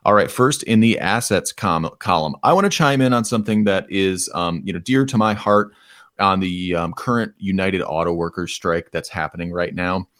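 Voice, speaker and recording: Deep-voiced man hosting money commentary. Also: moderate pace, fairly bright tone, dry recording, studio quality. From Metro Detroit, USA. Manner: casual, with frequent ums and you-knows. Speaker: podcast host. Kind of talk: opinionated economic commentary segment.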